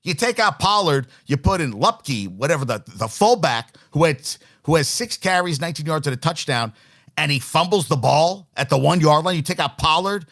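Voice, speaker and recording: A man's voice: fairly high pitch, lively intonation, moderate pace, fairly bright tone. A man in his forties hosting a sports talk show, ranting with exasperation and swearing freely as he rattles off stats. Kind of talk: opinionated sports radio rant.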